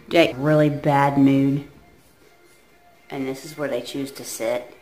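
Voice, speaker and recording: A woman's voice: low voice, slow pace, long pauses, darkish tone. A woman chatting to her pet parrot, coaxing and scolding it with exasperated, sing-song remarks. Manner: coaxing, exasperated, talks to the bird in a baby voice. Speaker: parrot owner. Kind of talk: casual chat to a pet parrot. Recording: music playing in the background.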